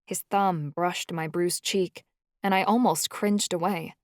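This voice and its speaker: A woman with a fairly low voice narrates a first-person novel in an even, measured way. The recording is close and dry, with no room sound. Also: no echo. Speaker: audiobook narrator.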